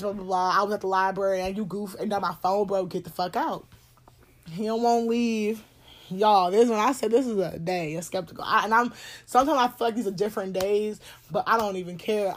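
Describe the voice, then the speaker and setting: A woman, telling a personal story in a blunt, animated way, swearing and laughing often. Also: medium pitch. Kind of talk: casual storytime chat.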